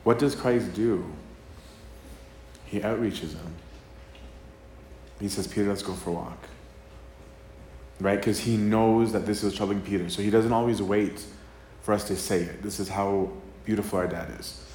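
Male priest, lowish voice, casual sermon delivery, acts out quotes, peppers in "right?", echoey live room. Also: fairly even intonation, measured pace, darkish tone, slight background noise. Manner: conversational, acts out quoted dialogue, frequent "right?". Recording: roomy live talk with faint ambience.

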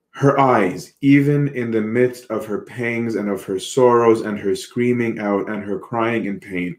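A man's voice: medium pitch, darkish tone, reverberant. A man giving an earnest, reflective sermon, repeating words as he goes. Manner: earnest, reflective, slow with repetitions. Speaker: preacher.

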